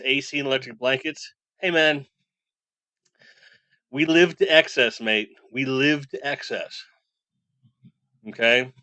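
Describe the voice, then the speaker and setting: A man's voice: mid-range voice, pushed and bright, no room sound. A man in his forties chatting casually on a live stream, reading chat messages aloud and rambling. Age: 40s.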